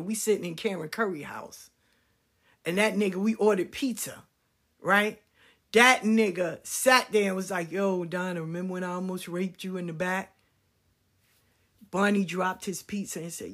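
A woman's voice: mid-range voice, a bit bright. A woman in her fifties telling an impassioned personal story, blunt, profane and fiery.

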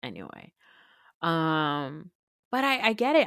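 A woman podcast host recapping reality TV in a casual, gossipy, animated way, swearing freely. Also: mid-range voice, normal speed, dry recording, studio quality.

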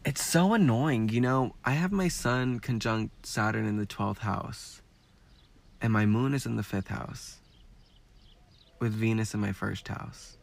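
A man's voice: fairly low pitch, measured pace, creaky. A man hosting a podcast, talking frankly in a casual, rambling way with lots of swearing. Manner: frank and heavily profane; rambling with many fillers. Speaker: podcast host.

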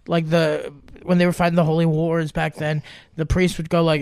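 A man's voice: fairly high pitch, brisk, clear, resonant tone, no room sound, studio quality. A man who grew up in Germany, a comedian telling stories in casual podcast chat, acting out the people he quotes. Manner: animated storytelling with quoted voices.

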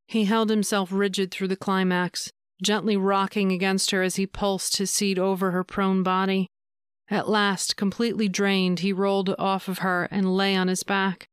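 Smooth-voiced woman reading erotica. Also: mid-range voice, dry recording, clean studio sound. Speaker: audiobook narrator. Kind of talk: erotic audiobook narration.

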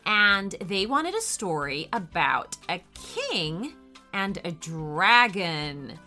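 Woman, storybook narrator, bright voice, unhurried, upbeat, talks to kids. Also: on the low side, soft background music. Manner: upbeat, lively, addressing kids directly. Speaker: host and storyteller.

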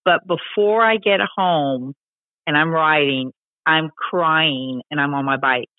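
A woman telling stories as a podcast guest, animated and chatty, acting out the voices of people she quotes. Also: sits low, takes it slowly, dry recording. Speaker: podcast guest, long-distance motorcycle rider. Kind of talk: casual storytelling interview. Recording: tinny phone-like line, dry.

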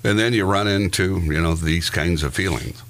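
A man with a very low voice, chatting casually as a podcast co-host. He reads out odd news stories and drops dry asides, chuckling at his own jokes. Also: moderate pace, fairly bright tone. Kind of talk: casual chat, reading news items.

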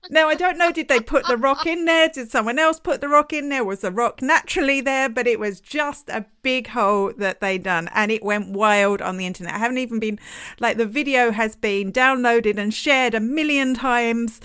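A woman hosting a live podcast, telling stories in a chatty, lively way. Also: a little high, moderate pace, smooth. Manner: chatty, lively storytelling with laughs. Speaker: podcast host.

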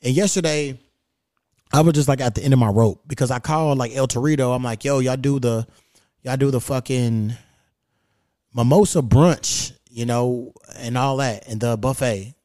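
A man hosting a podcast, telling stories in a profane, animated way with quoted back-and-forth. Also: mid-range voice, normal speed, no echo, studio quality. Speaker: podcast host. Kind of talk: casual chat, storytelling.

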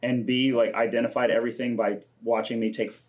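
A podcast host in his twenties chats in a laid-back way, swearing often and acting out quotes. His medium-pitched voice has little pitch movement and a quick pace.

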